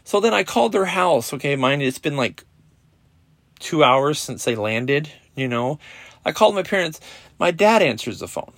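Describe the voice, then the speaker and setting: A middle-aged man hosting a podcast, telling a personal story in a casual, profane, animated way with lots of quoted dialogue. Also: fairly high pitch, moderate pace, no echo. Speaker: podcast host. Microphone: podcast app recording.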